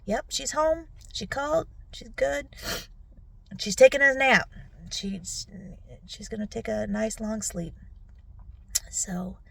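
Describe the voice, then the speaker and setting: A tearful middle-aged woman recording a personal video recap on her phone, speaking softly and often dropping to a whisper. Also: fairly high pitch, takes it slowly, vocal fry, long pauses. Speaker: vlogger. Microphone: phone selfie video.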